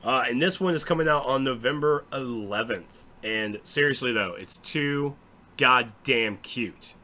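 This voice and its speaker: A man hosting a casual recap of game news, excitable and swearing freely. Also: medium pitch, measured pace. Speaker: gaming show host.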